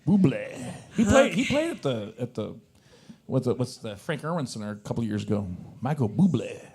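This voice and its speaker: A man hosting an open mic, bantering loudly and introducing the next acts. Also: medium pitch, sing-song, a little fast, breathy edge. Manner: loud, joking, introducing acts. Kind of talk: emcee banter. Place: live open mic in a coffee shop.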